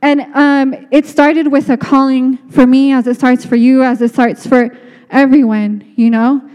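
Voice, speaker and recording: A woman preaches in an earnest, chatty way, often restarting her sentences. Her voice sits high but sounds mellow, and a long hall reverb trails after her words. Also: steady tone, a little slow. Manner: earnest, conversational, many restarts. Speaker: speaker. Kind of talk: sermon.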